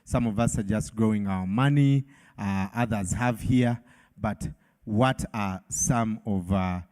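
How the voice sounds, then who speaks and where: A man's voice: on the low side, takes it slowly, darkish tone. A man with a Ugandan accent moderating a live product launch in an event hall, hyping the crowd with call-and-response.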